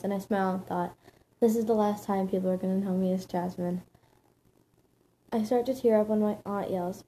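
Woman, story narration, matter-of-fact reading, mellow dark tone. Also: medium pitch, a little hiss or hum, low-quality recording. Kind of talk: first-person story narration.

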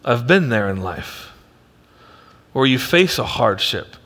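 A male pastor preaching a sermon with emphatic delivery that swings from loud to hushed, in a church auditorium. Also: medium pitch, sing-song, slow. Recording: long hall reverb.

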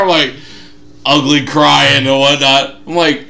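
With an unhurried, gravelly, mid-range voice, a young podcast co-host tells a story in casual conversation, animatedly performing plenty of quotes.

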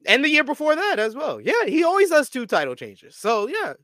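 A man co-hosting a casual wrestling podcast, talking fast and opinionated. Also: extremely high pitch, wildly swooping pitch, pushed and bright, no room sound. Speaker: podcast co-host.

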